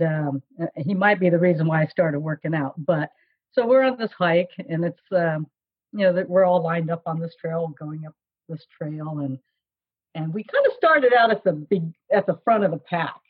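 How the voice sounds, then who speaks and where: A woman mentor casually telling a funny story in a lively, animated way. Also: deep voice, slightly rough. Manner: lively, laughing, animated retelling. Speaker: youth mentor. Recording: tinny phone-like line.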